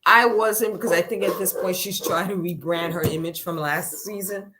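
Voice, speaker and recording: A woman with a slightly low voice gives blunt, dismissive takes while recapping a reality show. Her talk is casual and opinionated. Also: moderate pace, fairly bright tone. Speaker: podcast co-host.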